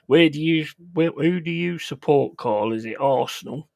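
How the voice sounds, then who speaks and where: A man's voice: on the high side, normal speed, vocal fry, darkish tone, no room sound. A man hosting a livestream, reading viewer comments and trading crude jokes. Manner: jokey, crude banter. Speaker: livestream host.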